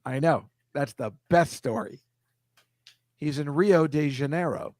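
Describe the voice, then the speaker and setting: Middle-aged guy comic rambling on a video call, kinda high voice, dry sound. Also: unhurried, darkish tone, no room sound. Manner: rambling, self-deprecating, slips into silly voices. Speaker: comedian host. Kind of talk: casual comedic chat on a video call.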